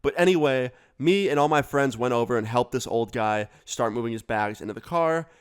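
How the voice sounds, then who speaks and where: A man telling a storytime vlog story in a casual, profane, animated way. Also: mid-range voice, fairly quick, smooth. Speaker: storyteller vlogger.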